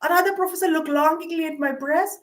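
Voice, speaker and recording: High-voiced middle-aged woman, rambling anecdotes. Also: steady tone, fast. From Canada. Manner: meandering, self-mocking, with frequent fillers and laughs. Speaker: vlogger. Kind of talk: rambling personal monologue.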